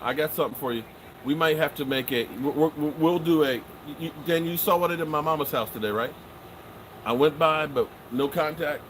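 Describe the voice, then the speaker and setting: Joking sports host, noisy background. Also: male voice, medium pitch. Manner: joking, animated, swears and trails off often. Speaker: sports show host answering live chat. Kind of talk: casual live-stream chat.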